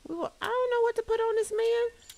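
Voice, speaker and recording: A woman's voice: extremely high pitch, fairly even intonation, fairly quick, darkish tone, poor audio. A woman streamer giving casual gameplay commentary, laughing often and chatting directly with her viewers. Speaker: gaming streamer. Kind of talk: casual gaming commentary to chat.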